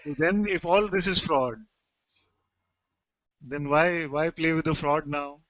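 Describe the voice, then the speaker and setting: A man leading a satsang, speaking slowly and emphatically as a spiritual teacher who gently repeats his points. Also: fairly high pitch, no room sound, highs cut off. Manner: slow, emphatic, gently repetitive.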